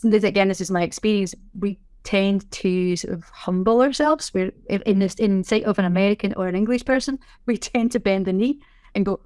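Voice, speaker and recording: A middle-aged Scottish woman, a sign language interpreter, chatting in a podcast interview with a lively, self-deprecating way of telling things. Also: medium pitch, brisk, no room sound, clean studio sound. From Scotland. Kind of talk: casual interview chat.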